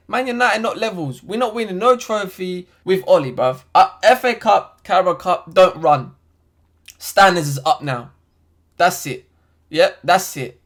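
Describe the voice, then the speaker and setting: A man's voice: a little high, fairly bright tone. A young man ranting in a vlog, heated and exasperated, full of slang. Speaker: football fan vlogger. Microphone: desk USB microphone.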